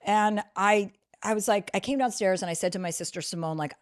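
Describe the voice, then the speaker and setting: A woman spins a long personal story for a podcast. She is blunt and crude, and she pokes fun at herself as she goes. Her voice sits at an ordinary middle pitch. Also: brisk. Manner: frank, crude, self-mocking. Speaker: podcast guest. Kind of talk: storytelling anecdote.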